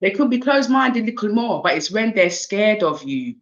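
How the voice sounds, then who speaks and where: In a mid-range voice at normal speed, a woman with a South East London accent runs through an oracle card reading during an easygoing livestream, animated, laughing, slangy and sweary. The recording has its high frequencies cut off.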